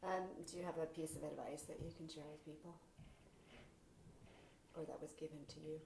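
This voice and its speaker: A woman's voice: sits low, steady tone, fairly quick, creaky, darkish tone, slight background noise, low-quality recording. A woman interviewer asking brief, plain questions.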